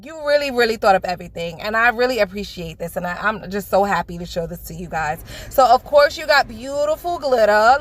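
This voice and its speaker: Loud, sing-songy New woman. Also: a little high, dry recording. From the Bronx, New York. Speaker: nail beauty vlogger. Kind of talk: excited product unboxing.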